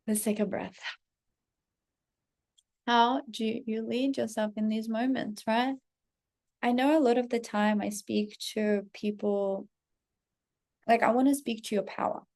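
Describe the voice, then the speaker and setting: A woman's voice: on the high side, steady tone, a little slow, pauses often, a little mellow. A woman in her thirties, a self-development coach, telling a personal story to her followers in a candid, casual way, with plenty of swearing and acted-out self-talk.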